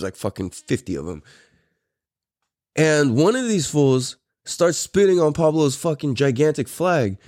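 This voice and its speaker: Animated rambling man from California. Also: medium pitch, dry recording, clean studio sound. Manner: loose and profane, rambling with restarts, laughs often. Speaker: podcast host. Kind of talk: casual storytelling.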